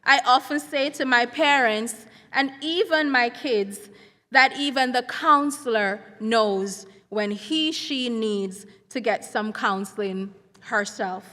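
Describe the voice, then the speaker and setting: A middle-aged woman, a school counselor giving an earnest, measured symposium speech. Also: on the high side, pushed and bright. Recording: reverberant hall sound.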